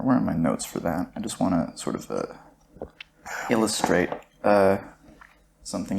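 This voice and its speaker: Man, podcast co-host, casual chat, wry deadpan asides. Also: deep voice, normal speed, vocal fry, long pauses, background noise.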